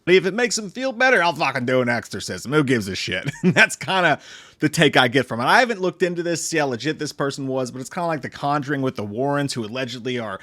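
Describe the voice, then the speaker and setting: A man hosting a casual movie review channel, talking in an excitable, joking way with plenty of swearing and fillers. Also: a little high, quick pace, dry recording. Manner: excitable, jokey, swears freely, lots of fillers.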